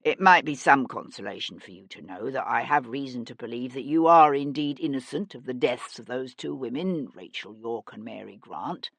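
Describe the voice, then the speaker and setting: A woman voicing a small, calm older magistrate who speaks slowly in a measured, plodding way. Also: extremely low pitch, creaky, dry recording, pitched below the performer's own voice, full character voice. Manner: slow, measured, even calm.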